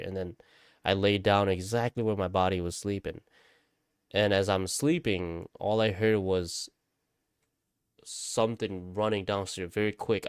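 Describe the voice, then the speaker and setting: A man's voice: deep voice, clear, resonant tone, no room sound, clean studio sound. A man casually telling a spooky story, rambling, repeating himself and swearing often. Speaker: vlogger.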